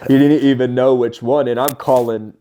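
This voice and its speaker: A man in his thirties telling stories as a podcast guest, animated and often laughing as he talks. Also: medium pitch, normal speed, slight background noise. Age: 30s. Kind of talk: casual storytelling.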